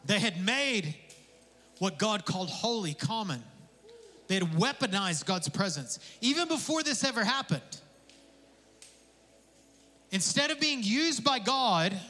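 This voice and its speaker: Animated high-voiced preacher in a reverberant hall. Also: male voice, unhurried, long pauses. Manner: animated, conversational preaching with asides and jokes. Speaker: pastor. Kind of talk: sermon.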